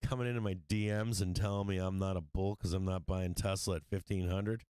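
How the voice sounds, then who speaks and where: Low-voiced guy ranting about trading on his stream, swears a lot, clean smooth voice. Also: fairly even intonation, brisk, darkish tone, dry recording. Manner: blunt, profane, laughs often. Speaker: stock market livestream host. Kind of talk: casual trading livestream talk.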